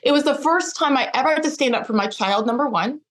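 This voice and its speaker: A middle-aged woman speaking as a podcast guest, telling a personal story with lively, acted-out dialogue. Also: high-pitched, quick pace. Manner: animated, acts out quoted dialogue.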